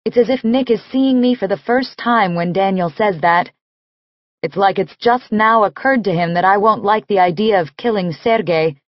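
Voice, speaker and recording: A woman narrating an audiobook in the first person, reading in a slow, measured, intimate way. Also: medium pitch, no room sound, highs cut off.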